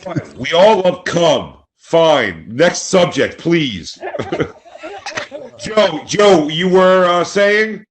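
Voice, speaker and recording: Man, host, casual chat, teasing, crude, slightly high pitch. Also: sing-song, very slow, slight background noise.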